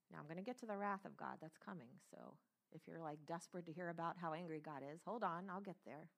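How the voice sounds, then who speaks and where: A woman's voice: on the low side, fast talker, vocal fry. A woman preaching a sermon, emphatic and earnest, repeating key phrases and stretching words for weight. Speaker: pastor, speaker.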